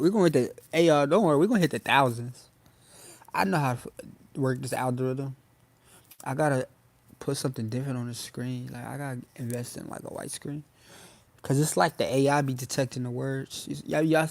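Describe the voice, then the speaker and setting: Talking to his chat again and again, a young livestream host speaks loosely and slangily on a casual phone stream. He has a mid-range voice with vocal fry.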